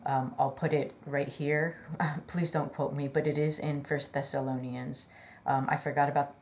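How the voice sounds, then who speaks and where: A woman's voice: deep voice, little pitch movement, normal speed, darkish tone, a little hiss or hum. A woman telling a personal story in a chatty, rambling way, earnest and full of fillers and apologetic asides. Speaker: vlogger.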